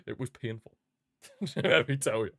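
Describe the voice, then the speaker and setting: A man hosting a live football watchalong, chatting excitedly, reacting to the match and answering viewer comments. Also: mid-range voice, creaky, dry recording, studio quality. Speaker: watchalong host.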